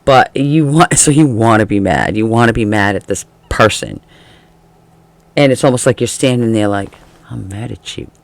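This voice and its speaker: A man's voice: on the low side, normal speed, no room sound. Chatty man giving a tarot reading. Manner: chatty, laughs often, acts out quoted feelings. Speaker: tarot reader.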